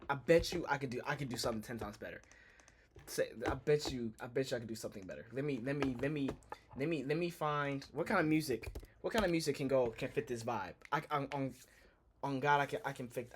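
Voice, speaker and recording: A young man streaming a casual reaction, talking loudly in slangy, animated exclamations. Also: medium pitch, brisk, slight background noise. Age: young adult.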